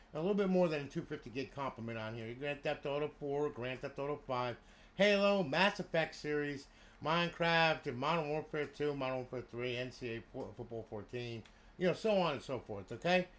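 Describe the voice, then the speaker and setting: A man's voice: mid-range voice, normal speed. A middle-aged man from New Jersey with a New Jersey accent, talking bluntly and rambling on a casual livestream while he shows off a console he modded and sells.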